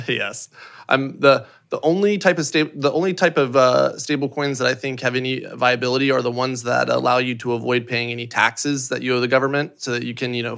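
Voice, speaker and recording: Gravelly-voiced man chatting casually. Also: mid-range voice. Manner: relaxed, many fillers, builds up emphatically. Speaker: company head, podcast guest. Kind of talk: casual chat.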